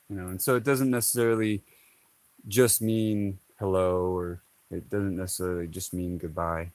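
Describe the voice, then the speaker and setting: A man's voice: deep voice, fairly even intonation, normal speed, a little mellow, no echo. A man from Hawaii, chatting casually to his viewers, laughing often and rambling with lots of fillers. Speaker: vlogger. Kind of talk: casual chat to camera.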